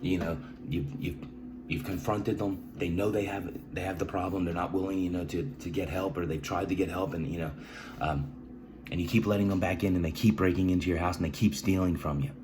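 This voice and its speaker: A man giving earnest advice, emphatic and repetitive, often asking "right?" and clearing his throat between halting restarts. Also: low-pitched, fairly even intonation, background noise. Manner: emphatic, repeats key phrases, says "right?" often. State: emotional. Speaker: vlogger sharing personal experience. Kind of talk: earnest direct-to-camera advice talk.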